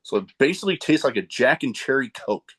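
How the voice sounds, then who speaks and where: Lively-voiced man podcast host. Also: medium pitch, brisk, slightly rough. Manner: loose and joking, drifts into tangents. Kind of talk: casual interview chat.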